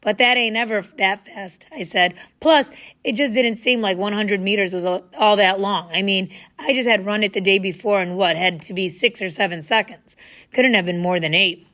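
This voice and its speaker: A woman reading a first-person story aloud in a casual, lively storytelling manner. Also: mid-range voice, moderate pace. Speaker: audiobook narrator.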